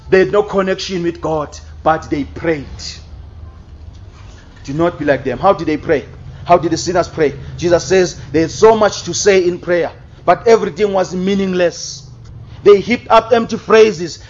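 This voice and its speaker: A man's voice: high-pitched, darkish tone. A man preaching a sermon, emphatic and full of rhetorical questions, now and then mimicking babbled prayer to make his point. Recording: dull lo-fi sound.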